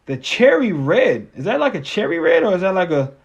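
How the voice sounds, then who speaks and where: Brief: a male sports streamer with a slightly high voice, ranting casually, swearing and stumbling over his words. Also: very animated, fairly quick, slightly rough, highs cut off. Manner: rambling, profane, stammering restarts. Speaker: sports live-stream host. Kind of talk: casual post-game live-stream rant.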